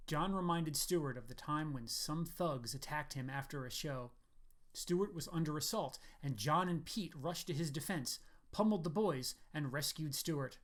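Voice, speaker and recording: A man with a slightly high voice reads his own short story aloud. His delivery is steady and even, a plain scripted narration. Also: moderate pace. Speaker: author reading his story.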